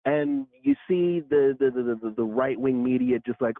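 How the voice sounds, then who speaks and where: A man's voice: mid-range voice, normal speed, few pauses, no echo. A man talking as a guest in a casual political chat, earnest and searching, often checking in with "right?". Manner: earnest, talks things through with many "right?". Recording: tinny phone-like line.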